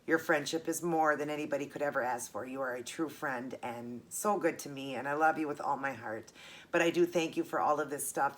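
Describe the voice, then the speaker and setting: A woman's voice: a bass voice, a bit bright. A middle-aged woman vlogger chatting casually and earnestly as she unboxes gifts, gushing and emotional.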